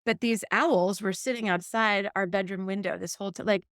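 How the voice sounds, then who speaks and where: Woman, mid pitch, casual storytelling, animated, dry recording. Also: fairly quick, dry recording. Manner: animated storyteller, acts out quotes. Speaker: podcast co-host. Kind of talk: casual chat.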